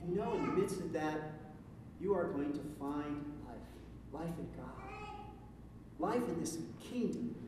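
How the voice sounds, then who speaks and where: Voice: mid-range voice, expressive, unhurried, pauses often, background noise. A pastor preaching a conversational sermon, asking rhetorical questions and often restarting his sentences. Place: church sanctuary. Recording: echoey hall recording from far off.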